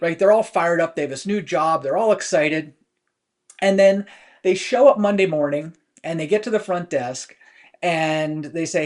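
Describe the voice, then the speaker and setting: A man with a fairly high voice hosts a weekly business talk. He speaks conversationally and rambles a little, leaning on fillers as he tells stories from work. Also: normal speed. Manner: conversational storytelling with many fillers. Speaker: host.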